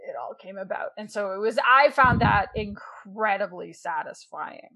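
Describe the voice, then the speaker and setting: A woman hosting a podcast, chatting casually with lively enthusiasm and the odd swear. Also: medium pitch, moderate pace. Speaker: podcast host.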